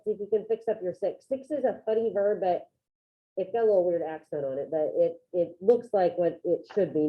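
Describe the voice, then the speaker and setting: A woman teaching a Spanish class over a video call, upbeat and encouraging as she calls on students by name. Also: mid-range voice. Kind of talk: online classroom lesson. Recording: tinny phone-like video call audio.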